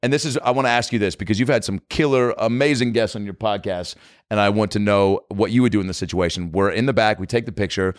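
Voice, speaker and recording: Fast-talking animated male comedian. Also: fairly low pitch, dry recording, clean studio sound. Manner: animated, swears freely. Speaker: comedian and podcast host. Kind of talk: casual chat storytelling.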